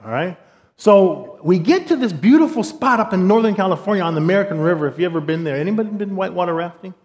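A middle-aged man preaching, telling a humorous personal story with lively quoted dialogue. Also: high voice. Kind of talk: storytelling sermon.

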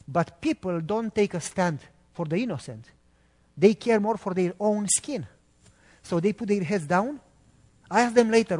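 A man preaching a sermon as a testimony story, animated, acting out the voices in it and speaking directly to listeners. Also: sits high, moderate pace, big-room sound. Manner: animated, acts out quotes, addresses listeners.

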